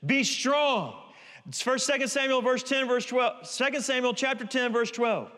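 A man's voice: very high voice, expressive, normal speed, sharp tone. A man preaching a sermon in a church, emphatic, and he keeps asking the congregation to call the words back. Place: large church hall. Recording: reverberant church hall.

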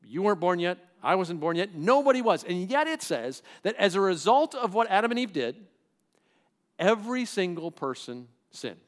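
A man's voice: high-pitched, sing-song, normal speed. A middle-aged man preaching a sermon in a conversational way, acting out the voices he quotes. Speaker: pastor.

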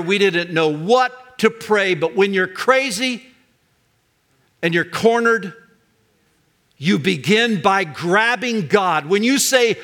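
An older pastor delivering a sermon in a high, bright voice. He speaks emphatically and swings up into loud, ringing cries on the words he wants to land. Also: expressive, takes it slowly.

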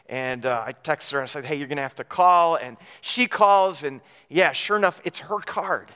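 A man's voice: on the high side, moderate pace, few pauses, pushed and bright, clear, resonant tone, big-room sound. A man giving a sermon, telling a personal story in a conversational way with many restarts and repeated words.

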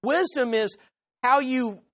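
A woman's voice: sits high, slow, a bit bright. A woman preaching a sermon, emphatic and leading the congregation in call-and-response.

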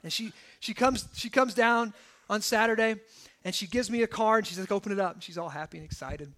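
A pastor in his thirties preaches to his church, mixing scripture with lively personal stories. His voice sits very high for a man and rings bright and forceful, and he keeps checking in with his listeners. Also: brisk. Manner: animated storytelling, asides like "okay?".

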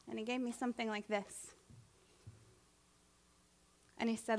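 Casting: high-pitched woman, lay preacher, chatty and animated, keeps checking in with the congregation. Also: measured pace, long pauses. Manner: conversational, animated, asks the audience questions. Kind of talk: sermon.

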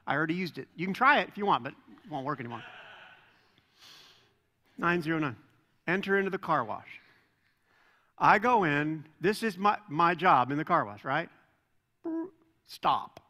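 A man preaching a sermon as pastor, telling stories in a relaxed, joking way. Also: fairly high pitch. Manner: conversational, self-deprecating storytelling. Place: church sanctuary. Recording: long hall reverb.

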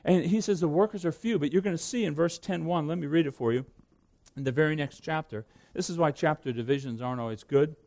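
A pastor preaching with earnest conviction, stopping often to read scripture aloud. His voice is mellow and warm yet sits a little high for a man. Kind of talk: sermon.

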